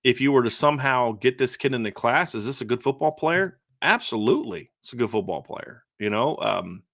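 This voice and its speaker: A man's voice: medium pitch, animated, a little fast, gravelly, a bit bright, no echo, clean studio sound. A man co-hosting a casual sports talk show, conversational and prone to repeating words as he starts a thought. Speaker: co-host.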